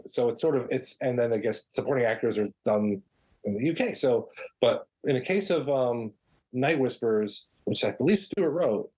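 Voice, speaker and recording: A man guest on a podcast, chatting casually and telling animated stories about directing audio dramas. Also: mid-range voice, normal speed, slightly rough. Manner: animated storyteller, mimics people in quotes. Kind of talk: casual interview chat.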